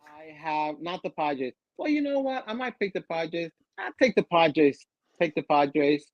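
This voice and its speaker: A man's voice: on the high side, very animated, unhurried, no room sound, lo-fi sound. A man co-hosting a casual sports podcast, teasing the others and laughing often. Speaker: podcast co-host.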